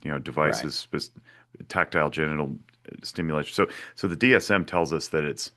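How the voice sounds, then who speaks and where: Man, podcast host, extremely deep voice, casual rambling questions, video call. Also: fairly quick, pushed and bright. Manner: loose, rambling questions with restarts. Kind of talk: casual interview chat.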